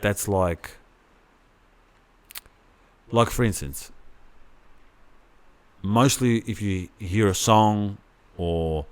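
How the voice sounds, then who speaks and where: Very deep-voiced man rambling. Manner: rambling, swears freely, many restarts. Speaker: podcast co-host. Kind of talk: casual chat.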